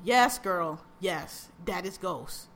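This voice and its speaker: A woman co-hosting a podcast, bluntly ranting in casual chat about a TV show, repeating herself and getting animated. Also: fairly low pitch, takes it slowly. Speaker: podcast co-host.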